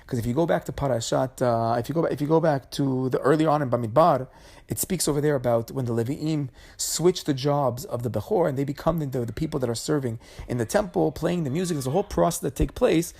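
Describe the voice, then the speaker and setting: A man's voice: mid-range voice, fast, gravelly, darkish tone, breathy edge. A man giving an informal Torah class, retelling Talmudic stories conversationally, with frequent restarts and Hebrew terms. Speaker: Torah teacher.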